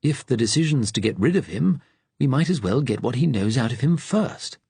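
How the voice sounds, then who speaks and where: A man's voice: fairly low pitch, big pitch swings, moderate pace, vocal fry, a little mellow, slightly rough, no echo, pitched above the performer's own voice, heavily acted. A man voicing a ruthless upper-class male plotter with a languid drawl. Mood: cool.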